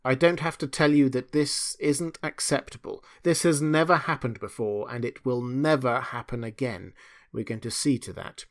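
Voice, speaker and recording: A man voicing a stern woman leading a meeting, in measured, firm tones, in an audiobook. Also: medium pitch, fairly even intonation, lightly acted. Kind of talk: audiobook dialogue.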